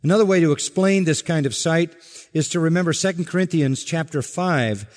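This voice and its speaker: A man's voice: fairly high pitch, fairly quick, a little mellow. Emphatic preaching man in a reverberant hall. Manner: emphatic preaching with rhetorical questions. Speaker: pastor. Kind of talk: sermon. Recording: long reverb from a large hall.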